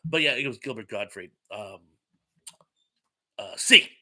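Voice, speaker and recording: A man's voice: lowish voice, expressive, unhurried, sharp tone. A man hosting a casual live stream chat, reading viewer comments aloud in a chatty, rambling way with many filler sounds.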